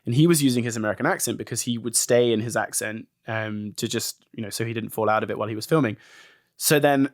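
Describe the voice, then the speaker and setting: A man from England, a guest actor telling stories in a casual podcast interview, chatty and animated. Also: mid-range voice, quick pace, no room sound, clean studio sound. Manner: chatty, animated storytelling with acted quotes.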